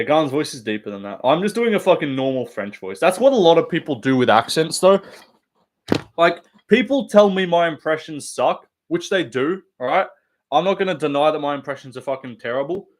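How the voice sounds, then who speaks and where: A man with an Australian accent hosting a casual live stream, rambling and swearing through blunt opinions. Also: mid-range voice.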